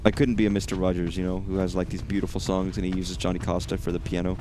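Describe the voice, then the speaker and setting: Profane, deep-voiced streamer. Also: male voice, completely flat delivery, fast talker, noisy background. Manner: profane, rambling, jokey. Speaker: streamer playing a game. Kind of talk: casual game commentary.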